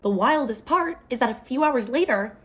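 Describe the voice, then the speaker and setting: A woman's voice: high voice, animated, moderate pace. A young woman telling a wild personal story to camera, dramatic and full of "like". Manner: dramatic retelling, often says "like". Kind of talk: storytime vlog.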